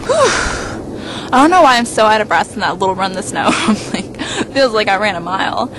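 A woman's voice: medium pitch, lively intonation, fast, noisy background. A young woman vlogging casually in a snowy backyard, playful and self-mocking, talking into a handheld camera. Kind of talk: casual vlog.

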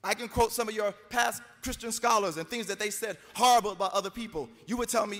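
A man's voice: high voice, fast, hardly any pauses, a bit bright, faint music behind. An American man giving an emphatic, argumentative debate speech, quoting scripture to press his case. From United States. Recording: long hall reverb.

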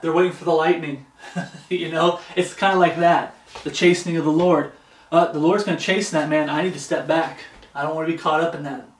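A man preaching an informal sermon, earnest and conversational, repeating phrases for emphasis and reading scripture aloud. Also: fairly high pitch. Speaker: pastor. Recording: echoey room, distant mic.

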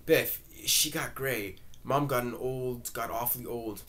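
Restless, unsure young son, hesitant halting delivery; a man reads it in an amateur read-through. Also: medium pitch, steady tone, sharp tone.

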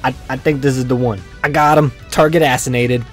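A man's voice: mid-range voice, fairly even intonation, fast talker, faint music behind. A young man giving goofy, slangy comedic commentary over his own gameplay, trash-talking the other players. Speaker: gaming video creator.

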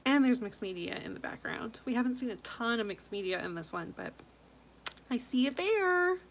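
A woman hosting a scrapbooking channel, chatting casually and gushing over viewers' layouts, with frequent soft asides. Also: a little high, animated, normal speed, slight background noise.

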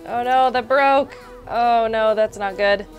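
A young woman hosting casual gameplay commentary, chatty and excitable, narrating each step aloud. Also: a little high, slow, faint music behind. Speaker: gaming YouTuber, host.

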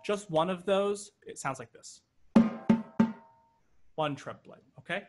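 A man's voice: high-pitched, takes it slowly, over loud music. Man counting triplets in a drum lesson. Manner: counts triplets aloud in rhythm, playful. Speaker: drum instructor. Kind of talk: online music lesson. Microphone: video call.

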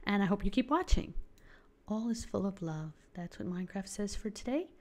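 A young woman giving casual commentary on her game, often gasping and gushing with excitement. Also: mid-range voice, normal speed. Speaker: let's play gamer.

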